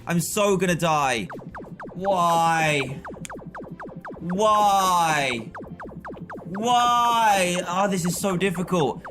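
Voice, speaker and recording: A man streaming live gameplay with excitable, frustrated commentary, often yelling at the game. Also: high-pitched, very slow, pauses often, music in the background.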